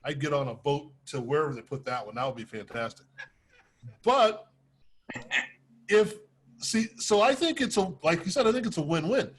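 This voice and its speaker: A man's voice: on the high side, moderate pace, long pauses, slightly rough. A man hosting a boxing talk show, chatting casually with joking asides.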